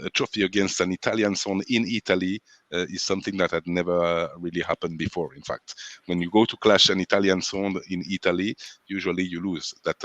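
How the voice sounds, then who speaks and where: A man with a very deep voice recounts old stories in a relaxed, rambling way, often pausing on fillers and laughing softly. He is from France and talks as a guest in a casual interview. The sound is close and dry, with no room around it. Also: dry recording, dull audio. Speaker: guest, sound system selector.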